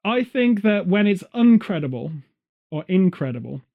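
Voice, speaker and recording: A man in casual chat as a podcast co-host, ranting sarcastically and telling animated stories. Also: sits high, normal speed, narrow, tinny audio.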